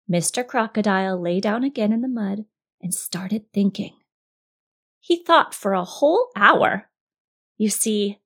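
A woman narrating a children's storybook, expressive and speaking straight to the young listener. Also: medium pitch, creaky, breathy edge.

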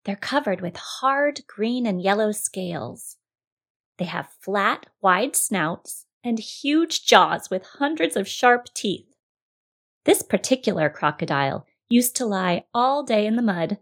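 A woman narrates a children's story in a lively, expressive reading voice. She often turns to speak directly to the young listener, like a storyteller at bedtime. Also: medium pitch, unhurried.

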